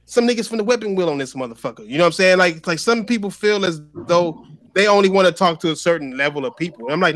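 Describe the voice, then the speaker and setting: A man hosting a casual podcast chat, animated and slangy, repeating himself as he talks. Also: sits high, quick pace, a little hiss or hum. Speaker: podcast host.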